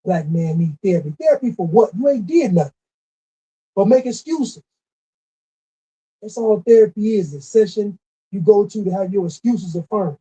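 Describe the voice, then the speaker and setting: A man's voice: high voice, expressive, moderate pace, long pauses, dark tone, slightly rough. A man delivering a scolding, repetitive commentary rant with emphatic stresses. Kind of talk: ranting monologue. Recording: dull lo-fi recording.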